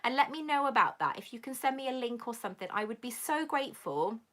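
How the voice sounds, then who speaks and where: A woman from Britain hosting a casual live-stream Q&A, reading viewer comments aloud and gushing warmly back at them. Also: fairly high pitch, lively intonation, fast talker. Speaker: YouTube host answering viewer comments.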